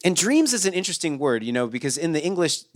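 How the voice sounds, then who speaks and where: A man's voice: a little high, very animated, quick pace. A man in his thirties co-hosting a casual podcast chat, reflective and rambling with many restarts. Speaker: podcast co-host.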